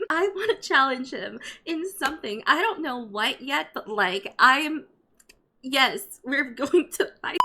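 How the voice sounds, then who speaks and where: A young woman narrating a gaming vlog and reacting live, excitable, giggly and often apologetic. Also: a little high. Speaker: gaming vlogger. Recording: noisy game audio behind.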